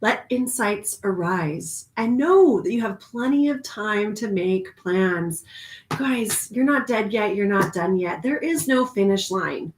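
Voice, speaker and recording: A woman giving a casual spiritual oracle card reading, animated and laughing often, moving from hushed calm to excited outbursts. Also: mid-range voice, takes it slowly, roomy sound.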